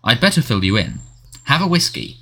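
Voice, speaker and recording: A man's voice: medium pitch, very animated, sharp tone, husky, heavily acted. A man doing a flustered, blustering wizard official. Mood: brisk, fussy. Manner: blustering, brisk and dismissive. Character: flustered middle-aged male wizard official.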